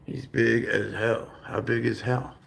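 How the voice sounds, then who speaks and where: Cat vlogger, male, gravelly mid-pitched voice, loose rambling delivery with profane asides and abrupt shouted outbursts, faint room ambience. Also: level tone, a little slow, slight background noise. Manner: rambling, profane, with sudden loud exclamations. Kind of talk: casual rambling chat to viewers. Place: at home.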